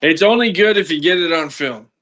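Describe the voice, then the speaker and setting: A man's voice: a little high, lively intonation, fairly quick, fairly bright tone. A man joking and laughing through a casual podcast conversation. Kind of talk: casual chat.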